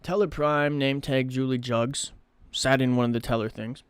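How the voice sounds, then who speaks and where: A man's voice: mid-range voice, fairly even intonation, moderate pace, smooth, no echo. A man casually reading a story aloud on a live stream, swearing and stumbling over words now and then.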